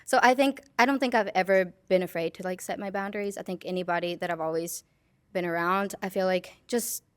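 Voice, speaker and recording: Here a young woman of college age chats as a podcast guest in a casual interview, sounding sincere and relaxed and leaning heavily on "like" and "you know." Her pitch is fairly low, she talks a little fast, and there's no room sound.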